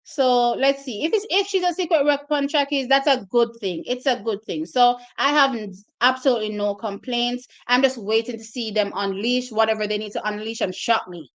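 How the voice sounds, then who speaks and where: A woman with a slightly high voice hosts her own track and field vlog. She chats loosely and directly to her viewers, reacting to each result with open feeling. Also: moderate pace, hardly any pauses. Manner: chatty, addresses viewers directly, openly emotional. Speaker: track and field channel host. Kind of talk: casual vlog commentary on race results.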